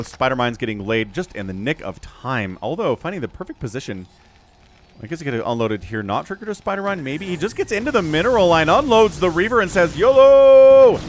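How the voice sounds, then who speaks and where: A man giving casual esports commentary as caster, chatty and rambling, getting excitable at the action. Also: a little high, fast, slight background noise. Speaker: game caster.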